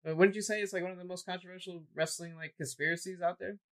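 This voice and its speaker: A man's voice: high-pitched, fairly even intonation, fast, fairly bright tone, rough recording. A man co-hosting a casual wrestling discussion, giving opinionated, rambling takes and shrugging points off. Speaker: podcast co-host.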